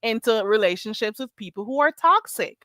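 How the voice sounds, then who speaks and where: A woman's voice: fairly high pitch, expressive, fairly quick, crowd noise. A woman hosting a casual livestream, talking bluntly and animatedly with bursts of laughter. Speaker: livestream host.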